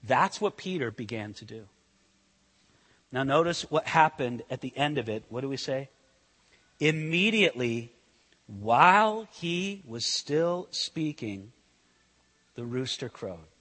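A man preaching a sermon, swinging between loud emphasis and hushed intensity. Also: medium pitch, expressive, slow, pauses often, big-room sound. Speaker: pastor.

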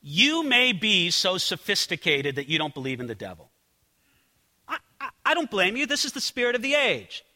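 Male pastor, high and very lively voice, piercingly bright tone, long hall reverb, conversational preaching style. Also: moderate pace. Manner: animated, conversational preaching with asides to listeners. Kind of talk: sermon.

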